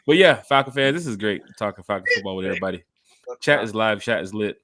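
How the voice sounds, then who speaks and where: A man hosting a casual podcast, talking fast with a lively, bouncing pitch. He speaks right to the fans in the chat. The sound is dry and close. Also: no echo.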